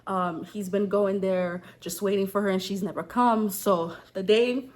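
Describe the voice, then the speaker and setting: A woman's voice: medium pitch, steady tone, unhurried, a little mellow. A woman retelling a folktale in a casual storytelling vlog, chatty and slangy, breaking off for joking asides.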